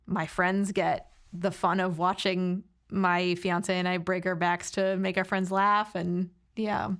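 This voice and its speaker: Guesting on a podcast, a woman who works as an actor and filmmaker chats casually, rambling a bit through her stories with fillers and laughs. Her voice is on the low side with little pitch movement, slow, and fairly bright in tone.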